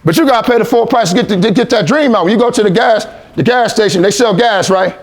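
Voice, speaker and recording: A man's voice: sits high, fast. A man giving a motivational speech to a youth team, repeating phrases and leading call-and-response. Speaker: motivational speaker.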